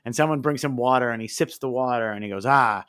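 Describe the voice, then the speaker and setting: A man co-hosting a podcast in casual conversation. He is halting and full of fillers and restarts, but he builds up to jokes. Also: mid-range voice, smooth. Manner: hesitant, many fillers and restarts, tells jokes. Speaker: podcast co-host. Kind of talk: casual chat.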